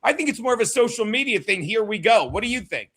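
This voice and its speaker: A man hosting a casual political chat show, loud and emphatic, joking and shouting his punchlines. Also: high-pitched, very animated, fast talker, slightly rough. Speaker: podcast host.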